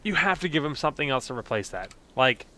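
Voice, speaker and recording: A man hosting a casual panel chat, explaining changes in an animated, emphatic way. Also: mid-range voice, fast. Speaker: podcast host. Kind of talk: casual panel chat about a game patch.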